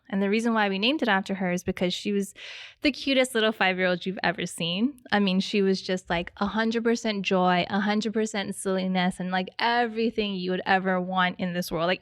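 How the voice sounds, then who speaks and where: A woman's voice: medium pitch, no echo, studio quality. A woman in her thirties, chatting as a guest in a casual interview. She is bubbly and laughs often. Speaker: guest, business owner. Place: studio.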